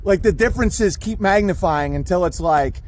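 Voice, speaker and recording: A man's voice: high voice, normal speed. A man speaking as a guest in a casual podcast conversation, rambling and irreverent.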